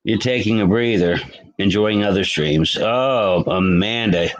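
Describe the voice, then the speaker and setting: A man's voice: fairly low pitch, measured pace, muffled recording. Chatty man greeting his live-stream viewers. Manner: chatty, greets viewers by name, rambling with restarts. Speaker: livestream host. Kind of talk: casual live-stream chat reading comments.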